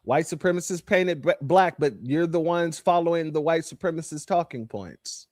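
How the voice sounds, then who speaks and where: High-voiced man hosting a reaction stream. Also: moderate pace, no room sound, studio quality. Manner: joking, mocking, gives shout-outs. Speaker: live-stream host reacting to clips. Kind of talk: casual reaction commentary.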